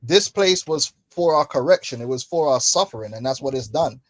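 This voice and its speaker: A man's voice: mid-range voice, expressive, fairly quick, dry recording. A man hosting a casual religious commentary, talking in slangy, mocking, preachy tones and laughing often. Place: London.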